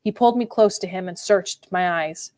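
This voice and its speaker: A woman giving an expressive, measured dramatic reading of a classic novel as a first-person narrator. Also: fairly low pitch, no room sound. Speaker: reader.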